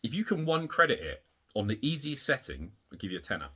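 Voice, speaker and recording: A man showing off his retro game collection in a casual, rambling way, excitable and swearing, getting worked up in rants, hot and sweaty. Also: fast talker, slightly rough. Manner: excitable, swearing, rants with big pitch jumps. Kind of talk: casual rambling show-and-tell.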